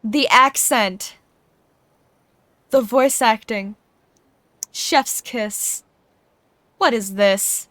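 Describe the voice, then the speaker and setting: Young woman, game livestream commentary, excitable, joking, higher pitch. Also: drawn-out words, pauses often, no room sound. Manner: excitable, joking, swears freely. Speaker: streamer.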